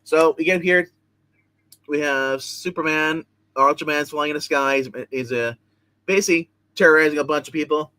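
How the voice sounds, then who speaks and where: A man's voice: on the high side, normal speed, sharp tone, smooth. A man hosting a live comic book review, recapping plots casually with many fillers and restarts.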